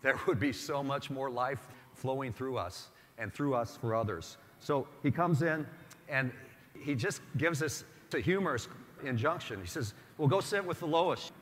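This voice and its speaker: A man gives a sermon as a priest in a conversational, emphatic way, often putting questions straight to the congregation. His voice sits at an ordinary middle pitch. A long reverb hangs on each phrase, as in a large church. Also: a little slow, fairly bright tone. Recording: echoey church hall.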